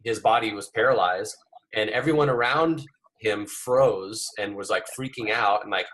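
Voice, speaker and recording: A man's voice: mid-range voice, normal speed, a bit bright, a little hiss or hum. A man hosting a coaching call, encouraging the participants and telling personal stories. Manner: encouraging, storytelling. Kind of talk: casual coaching talk.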